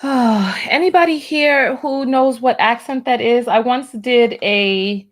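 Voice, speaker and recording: A woman hosting a reaction video, flustered and stammering as she pauses and sorts out her audio. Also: fairly high pitch. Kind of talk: casual reaction commentary.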